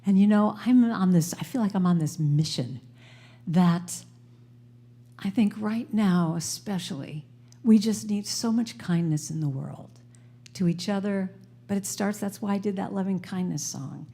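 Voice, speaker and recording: An American woman speaks to a live congregation in a spiritual center. She tells a personal story with lively energy, acting out the voices of the people in it. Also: mid-range voice, measured pace. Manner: animated, acts out voices in her story. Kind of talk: storytelling sermon. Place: church sanctuary before a live congregation.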